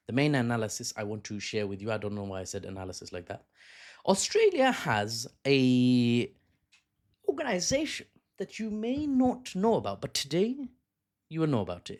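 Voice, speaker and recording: A man with a medium-pitched voice offers casual political commentary in a conversational style, often correcting himself and adding joking asides.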